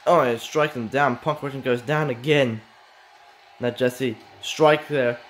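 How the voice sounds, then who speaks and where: Excitable male wrestling commentator. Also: mid-range voice, slight background noise. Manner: excitable, voice rising to shouts at big moves; halting, with many restarts and "oh my god". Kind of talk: play-by-play commentary of a video game match.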